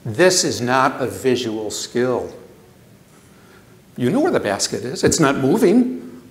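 Animated older man lecturing in echoey hall. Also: mid-range voice, slow, a little hiss or hum. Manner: animated, repeats words, asks the audience questions. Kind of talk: lecture to an audience.

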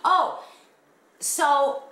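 Gushing high-voiced Canadian woman vlogging. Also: drawn-out words. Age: 50s. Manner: gushing and excitable, breathless giggles. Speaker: crochet vlogger. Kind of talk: casual vlog unboxing. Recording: echoey room.

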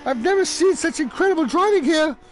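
A man doing a high-pitched mock English accent as an excitable male racing commentator. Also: a little fast. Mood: astonished. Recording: noisy background.

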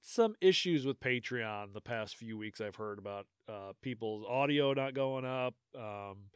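A man hosting a casual podcast, talking through show plans in a loose, rambling way. His voice is smooth and clear, recorded dry and close with no room sound. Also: medium pitch, animated, measured pace, dry recording. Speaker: podcast host. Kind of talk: casual chat.

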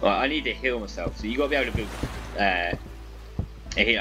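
A man talking to himself through a survival game, excitable and prone to swearing, with game music behind him. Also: lowish voice, fast, long pauses. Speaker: gaming YouTuber. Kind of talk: let's-play commentary.

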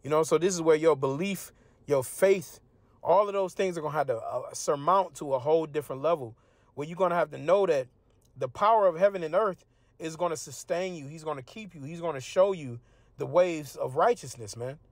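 A man with a high voice gives an informal scripture teaching. He reads each verse slowly, then breaks it down in loose street slang. The sound is dry and close, with no room echo. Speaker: religious teacher.

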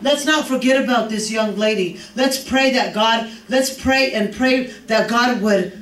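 A man preaching a sermon with impassioned, repetitive phrasing that rises into shouts. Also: very high-pitched, unhurried. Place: church sanctuary. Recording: echoey church from far off.

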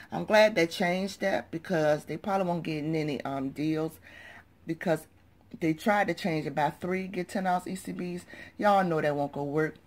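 A woman with a groggy, just-woken-up voice chats through a casual couponing haul vlog, her pitch sitting a little low. She talks straight to her viewers, calling them y'all and subbies, in an easy running patter. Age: adult parent of young children. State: groggy early-morning voice. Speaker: couponing vlogger.

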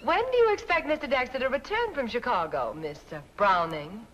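An actress in a 1940s film playing a witty young model who speaks in a wry, sharp-tongued way. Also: female voice, fairly high pitch, animated, a little fast, highs cut off, a little hiss or hum. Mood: suspicious. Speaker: advertising model.

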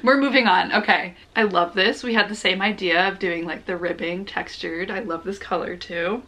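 A young woman crochet vlogger chatting casually while unboxing, gushing and excitable with gasps and giggles. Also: fairly low pitch, moderate pace.

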